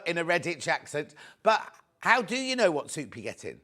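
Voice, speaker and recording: A shopping channel presenter keeps up bright, chatty patter on live TV, greeting viewers by name and pushing them to buy before stock runs out. His voice is a little high for a man, with big pitch swings and a moderate pace.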